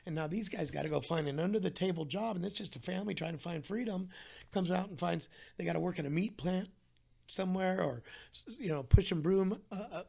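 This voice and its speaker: A man's voice: high-pitched, a little fast, creaky, mellow, slightly rough. A man talking as a podcast guest, telling his story in an earnest, heartfelt way with frequent restarts. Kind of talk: candid conversational storytelling.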